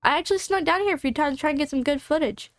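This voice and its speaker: A woman's voice: high-pitched, quick pace, no room sound, clean studio sound. Woman reading a playful ghost-hunting young woman. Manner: playful and cheerful.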